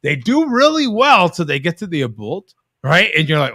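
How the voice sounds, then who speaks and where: Brief: male talk-show host, animated joker, bright and gravelly voice, bone-dry sound. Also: a little high, normal speed, dry recording. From Southern California. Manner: joking, animated, teasing. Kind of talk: casual live-stream chat.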